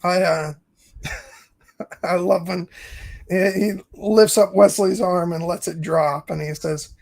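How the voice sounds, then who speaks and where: Gravelly voice, slow pace, hesitant restarts, casual movie chat. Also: medium pitch, steady tone, darkish tone. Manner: hesitant, thinks aloud with many restarts. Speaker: podcast co-host. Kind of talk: casual film review chat.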